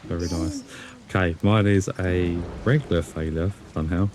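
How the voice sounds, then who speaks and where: A man's voice: low voice, steady tone, normal speed, background noise. A man playing a tabletop game, talking bluntly and swearing. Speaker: player. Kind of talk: casual game chat.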